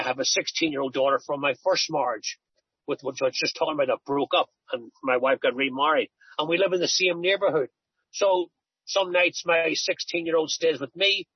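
A middle-aged man tells his recovery story in an earnest, rambling way, often circling back on his words. His voice is husky and sits a little high for a man. The recording is dry and dull. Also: dry recording. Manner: earnest, storytelling, repeats himself. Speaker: recovery speaker. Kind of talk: personal testimony talk.

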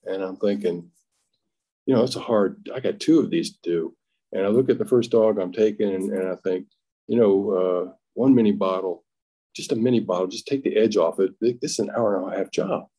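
A middle-aged man tells his own story at a recovery meeting in a plainspoken, halting way, often restarting and acting out what was said. His voice sits very low and sounds dark and mellow. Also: breathy edge. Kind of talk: personal testimony at a recovery meeting.

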